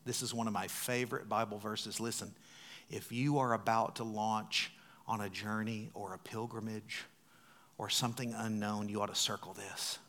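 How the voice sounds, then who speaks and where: A man preaching a sermon as a pastor, retelling a scripture story expressively, swinging from loud emphasis to hushed tones. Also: lowish voice, fairly even intonation, normal speed.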